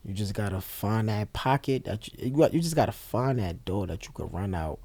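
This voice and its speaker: Gravelly man telling a raw story. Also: fairly low pitch, animated, mellow, no echo. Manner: candid, blunt and profane, acts out dialogue with quick voice shifts. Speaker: interview guest. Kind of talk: personal storytelling in an interview.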